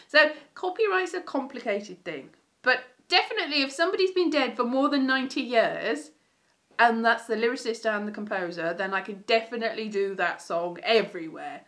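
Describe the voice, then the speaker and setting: British woman, young adult, casual live-stream chat, rambling, self-mocking, slightly high voice. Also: a bit bright. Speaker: vlogger.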